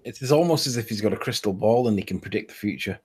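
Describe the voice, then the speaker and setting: A man's voice: lowish voice, quick pace, darkish tone, slightly rough. Dry, teasing man. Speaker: co-host. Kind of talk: casual chat.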